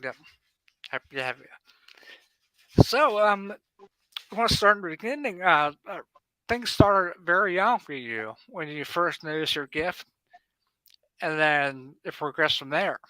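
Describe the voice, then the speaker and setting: A man's voice: a little high, animated, a little slow, pauses often, sharp tone, dry recording, rough recording. A man hosting a paranormal podcast, reading a guest introduction and then asking questions, with a few stumbles. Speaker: podcast host.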